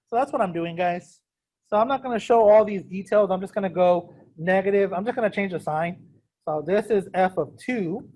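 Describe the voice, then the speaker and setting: A man leads a math lesson in a classroom, his voice sitting a little high. He is casual and self-deprecating, and he keeps checking in with the class as he goes. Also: darkish tone. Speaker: math teacher. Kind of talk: classroom lecture. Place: classroom with students also on a video call.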